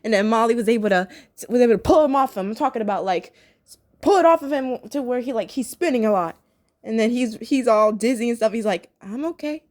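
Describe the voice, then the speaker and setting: Young woman reviewer, casual chatty delivery, giggles often, slightly high pitch. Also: fast, a little mellow. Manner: chatty and giggly, many ums and restarts. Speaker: episode reviewer. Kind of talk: casual chat.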